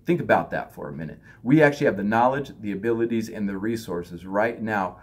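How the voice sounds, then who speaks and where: Husky low-voiced man giving a spiritual talk. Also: animated, a little fast, darkish tone. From United States. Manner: loose, conversational, acts out others in raised voices. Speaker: spiritual teacher.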